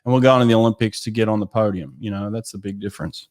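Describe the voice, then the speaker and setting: A man's voice: lowish voice, steady tone, very fast, a little mellow. Conversational male interview host. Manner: conversational, leading questions with "you know" and "right". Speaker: podcast host, former Olympic swimmer. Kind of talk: casual interview.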